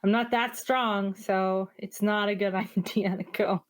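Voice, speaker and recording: A woman playing a tabletop game, thinking aloud in a casual, slow, easygoing way. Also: mid-range voice, steady tone. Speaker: player. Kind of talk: casual tabletop play chat.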